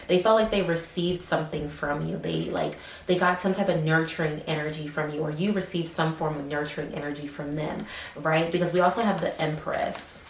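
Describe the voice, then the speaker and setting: A woman doing a casual tarot reading, rambling with many fillers and softly murmuring questions to spirit between cards. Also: low-pitched. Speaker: tarot reader. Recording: roomy echo, faint background hiss.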